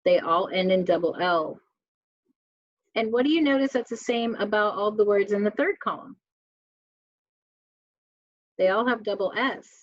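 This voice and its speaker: A woman's voice: mid-range voice, no room sound, muffled recording. A woman teacher giving a spelling lesson to children, reading words aloud one by one and asking the class questions. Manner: slow, clear word-by-word reading with questions to students.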